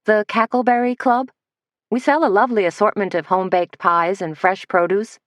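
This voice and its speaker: A woman voicing a kind, resourceful middle-aged shop owner who talks in a warm, soothing, yet firm way. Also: mid-range voice, steady tone, moderate pace, no echo, clean studio sound, voice pushed up, lightly acted. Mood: earnest.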